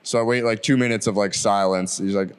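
A man's voice: fairly low pitch, brisk, clear, resonant tone. A young man, a delivery driver, telling a story casually and animatedly, acting out the dialogue. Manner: animated, acts out quoted dialogue.

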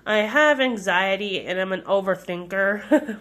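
A woman's voice: mid-range voice, slow pace. A young woman hosting her own podcast in casual solo talk, hesitant and candid, with many fillers. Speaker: podcast host.

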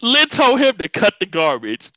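High, lively man retelling scenes. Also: normal speed, no echo, poor audio. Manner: storytelling, quoting characters in slang. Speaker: podcast co-host. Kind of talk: casual recap chat.

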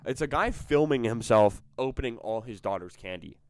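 A man's voice: medium pitch, expressive, moderate pace, no echo, clean studio sound. A man from Canada co-hosting a podcast, telling wry stories and swearing freely in casual banter. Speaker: podcast co-host.

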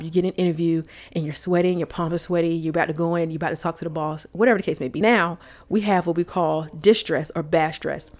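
A woman speaking as a wellness coach in motivational coaching talk, earnest and firing off rhetorical questions. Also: on the low side. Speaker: wellness coach and podcast host.

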